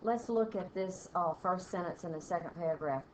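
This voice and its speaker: A woman English teacher, walking a class through test punctuation questions step by step and reading example sentences aloud with pauses. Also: fairly low pitch. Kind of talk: classroom test-prep lesson. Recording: dull lo-fi classroom recording with faint noise.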